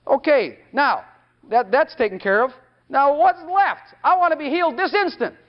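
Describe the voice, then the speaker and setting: A man's voice: extremely high pitch, moderate pace. A man preaching a sermon, emphatic and full of rhetorical questions, at times speaking in God's voice. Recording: dull lo-fi recording.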